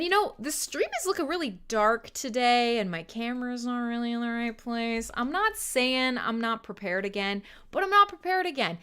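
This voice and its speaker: A woman hosts a live-streamed show in loose, casual chat. She swears freely, jokes and laughs often. Her voice is bright, clear and crisp, pitched a little high. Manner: profane, joking and laughing often. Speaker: host.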